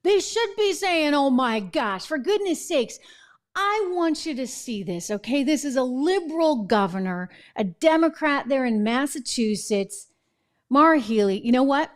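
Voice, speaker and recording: Woman host, fairly high voice, emphatic opinionated commentary, keeps asking "right?". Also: animated, moderate pace. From New England, United States. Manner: emphatic, conversational, asks viewers "right?". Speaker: political show host.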